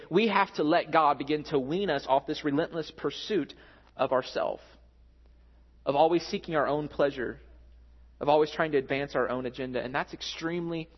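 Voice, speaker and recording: A man in his thirties, a pastor preaching a sermon in a conversational, earnest way. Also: fairly high pitch. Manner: conversational, earnest, builds up when telling stories. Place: church hall. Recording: muffled with a long hall echo.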